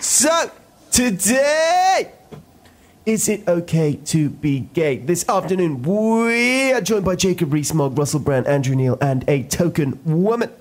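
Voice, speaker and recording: A man impersonating a sardonic television debate presenter in a comedy sketch, speaking briskly and emphatically. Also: high-pitched, very animated, crowd noise, background noise, pitched above the performer's own voice. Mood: mocking. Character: pompous male debate-show presenter. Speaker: impression of a TV presenter.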